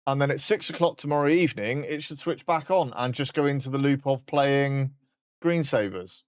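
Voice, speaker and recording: A man's voice: medium pitch, normal speed, no room sound, clean studio sound. A man streaming a casual chat, joking about himself and swearing now and then.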